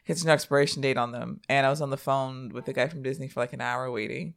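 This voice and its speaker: A woman's voice: a bass voice, quick pace, gravelly. A young married woman chatting casually about her day and acting out what people said to her. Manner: chatty, quotes people in animated voices. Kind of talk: casual storytelling chat.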